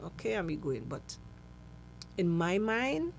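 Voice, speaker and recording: A woman's voice: mid-range voice, sing-song, a little slow, vocal fry. Trinidadian woman, middle-aged, interview guest, storytelling, acts out dialogue, faint hum. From Trinidad and Tobago.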